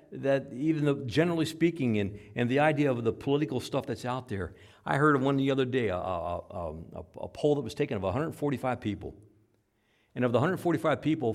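A man preaching a sermon, emphatic, swinging from loud, pressing lines to low, quiet ones. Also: expressive, fairly quick. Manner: emphatic, rises loud then drops low.

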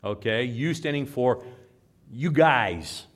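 A pastor with a Midwestern American accent, preaching a sermon that swings from quiet to loud emphasis. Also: male voice, medium pitch, expressive, slow pace.

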